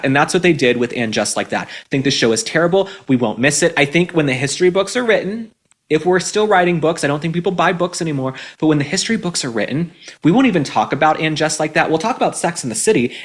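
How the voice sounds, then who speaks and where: A man's voice: a little high, a bit bright. A man in his twenties hosting an opinionated commentary and advice show, sarcastic and emphatic, repeating his points. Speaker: host.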